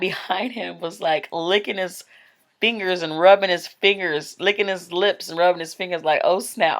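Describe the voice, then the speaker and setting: A woman's voice: fairly low pitch, clear, resonant tone. A woman giving a casual, rambling spoken testimony about a vision, full of "like" and "um". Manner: chatty, rambling, with frequent "like" and "um". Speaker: Christian speaker telling a vision.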